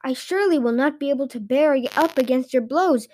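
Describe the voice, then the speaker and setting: A woman voicing a blustering, dim-witted giant man who shouts his questions. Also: high voice, a little fast, close to an everyday voice. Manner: loud, demanding questions.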